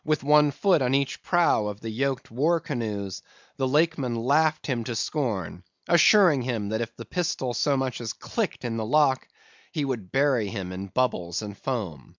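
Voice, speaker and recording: Male audiobook narrator, plain steady reading, dry muffled recording. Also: mid-range voice, a little slow, no room sound. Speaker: audiobook reader. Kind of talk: scripted narration.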